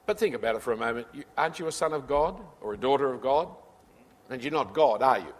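A man preaching a sermon, emphatic, building to forceful high points and asking his listeners direct questions. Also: husky. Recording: long hall reverb.

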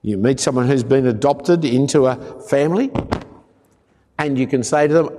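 A man's voice: medium pitch, normal speed, mellow. A man preaching a sermon, emphatic and prone to joking asides. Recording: long reverb of a large hall.

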